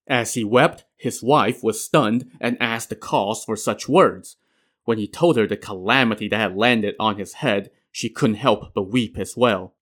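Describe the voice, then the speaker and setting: A man's voice: on the low side, measured pace, a bit bright. A male storyteller retelling a classic tale in casual narration with wry modern asides.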